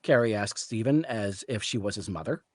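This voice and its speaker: A man reading the narration of a story aloud at a live reading, in a steady storytelling manner. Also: lowish voice, normal speed, husky, no echo, clean studio sound. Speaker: reader, narrator.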